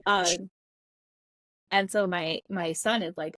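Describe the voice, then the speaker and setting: A woman's voice: on the low side, fairly even intonation, slow, long pauses, fairly bright tone, dry recording. A woman in her thirties, a guest on a podcast, talking casually and bluntly and acting out her kids' lines. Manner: candid, blunt, quotes her kids in dialogue.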